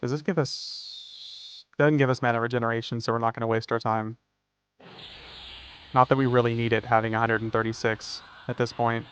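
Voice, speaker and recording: A man livestreams a game, chatting in a laid-back way, joking, swearing freely, and often saying "dude." His mid-range voice has little pitch movement, normal speed, and a fairly bright, clean tone.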